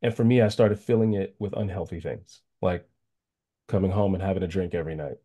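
A man of about forty, from the Chicago area, tells a personal story as a guest speaker on a video call. He speaks earnestly and haltingly, with many fillers and restarts. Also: sits low, dark tone, husky. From Chicago area, United States.

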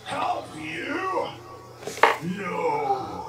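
Cranky Scottish warp stone in a game: impatient, bossy, wants back to sleep. Boomy, distant take buried under loud music. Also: male voice, huge pitch swings, very slow, vocal fry, reverberant, heavily acted. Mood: grumpy. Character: grumpy sleepy male warp stone spirit.

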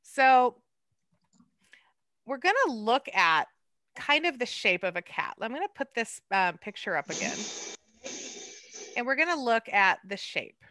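Woman, art docent, chatty, self-deprecating, high-ish voice. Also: big pitch swings, measured pace, long pauses, pushed and bright, dry recording. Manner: chatty, laughs at herself, many ums. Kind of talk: hands-on art lesson.

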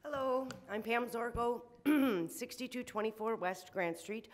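A woman's voice: fairly high pitch, measured pace. A woman giving public comment at a city meeting, shaky and emotional, indignant, with frequent ums. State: shaking with emotion. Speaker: resident speaking at public hearing.

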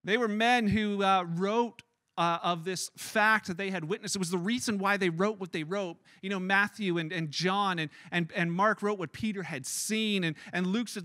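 Preaching at a moderate pace in a church, a pastor keeps his sermon conversational and lively, dramatizing scenes as he goes. The recording of his high, bright voice is close and dry, nearly free of room echo.

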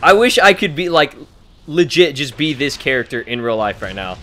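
Excitable, swearing man playing a game. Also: medium pitch, moderate pace. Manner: excitable, profane, laughing often. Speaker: gaming YouTuber. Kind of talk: casual let's play commentary. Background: game music.

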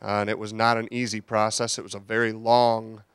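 A man with a low, smooth, resonant voice tells his story plainly and easily as a reality show contestant. The sound is dry and close. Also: little pitch movement, a little fast, no echo.

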